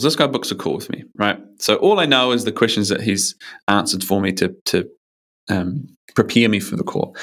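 A man's voice: lowish voice, fairly bright tone. A man who coaches men, speaking in a casual interview with a rambling, loose manner, many fillers and casual swearing. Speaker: men's coach.

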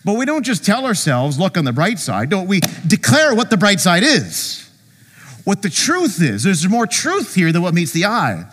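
A man preaching in a church with a fairly high, lively voice that rises and falls a lot. He talks to the congregation in a conversational, animated way, acting out little quotes. The sound carries a long hall reverb. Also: normal speed. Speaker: pastor. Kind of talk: sermon. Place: church sanctuary.

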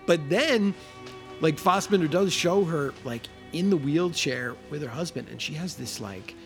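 A man co-hosting a casual film podcast, often acting out characters' lines in a higher voice. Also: animated, unhurried, soft background music. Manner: acts out characters' lines in a raised voice. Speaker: podcast co-host.

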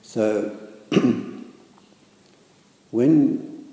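Deep-voiced man in an echoey hall. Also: animated, takes it slowly, long pauses, mellow. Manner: thoughtful, hesitant, with many fillers. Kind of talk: reflective spiritual talk. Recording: echoey hall with long reverb.

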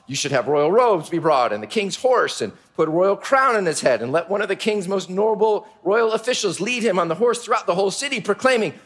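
A man's voice: high-pitched, animated, brisk, hardly any pauses, fairly bright tone. A man voicing an arrogant royal official in a smug, puffed-up manner.

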